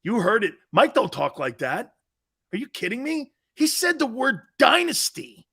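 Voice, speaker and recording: A middle-aged man hosts a sports talk show in a high, bright, forceful voice. He jokes loudly and often raises his voice. He hops from one topic to the next as he reads out viewer comments. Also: very animated, measured pace, vocal fry, breathy edge. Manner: loud, joking, jumps between topics, often raises his voice. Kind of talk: live sports talk stream, reading chat.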